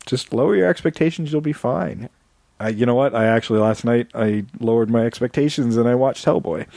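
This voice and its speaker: A man co-hosting a podcast in relaxed, casual chat, laughing often and reading out show plugs. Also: medium pitch, fairly quick, creaky, no room sound, studio quality. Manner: easygoing, laughs often, fillers and restarts. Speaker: podcast co-host.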